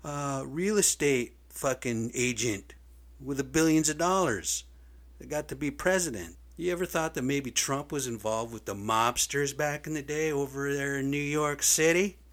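A man's voice: mid-range voice, moderate pace, fairly bright tone. A man ranting in a vlog monologue, blunt and profane, getting worked up and swearing freely. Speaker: video blogger. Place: lives in Seattle area.

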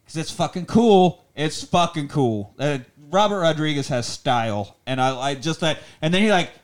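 A man's voice: on the high side, lively intonation, moderate pace, clear, resonant tone. A man hosting a casual movie commentary, laughing often and swearing enthusiastically. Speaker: podcast host.

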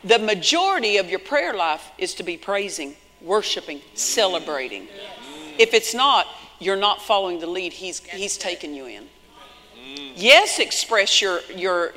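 A man preaching a sermon with emphatic delivery, rising to shouts at his peaks and telling stories in quoted voices. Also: sits high. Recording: long hall reverb.

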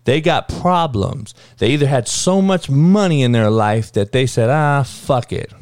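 On his own sports talk show, a man rants heatedly and unscripted, swearing constantly and using street slang. His mid-range voice is darkish in tone, with lively intonation and a moderate pace, captured in clean studio sound with no room sound.

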